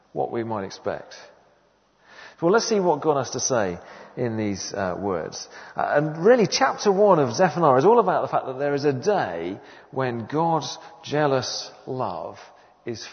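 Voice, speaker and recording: A male preacher delivers a sermon with a lively, rising and falling voice, often putting questions to his listeners. His voice sounds somewhat muffled and carries a long echo, as if recorded in a large church hall. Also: medium pitch. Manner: animated, conversational, asks the audience questions.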